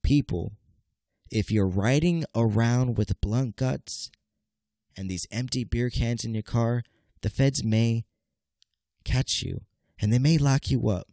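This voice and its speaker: A man's voice: medium pitch, slow, pauses often, dark tone, dry recording, clean studio sound. A man in his late twenties with a congested, nasal voice, hosting a casual solo podcast in a rambling, stammering way and speaking straight to his listeners. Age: late 20s. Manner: rambling, stammering, keeps calling listeners "people". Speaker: podcast host.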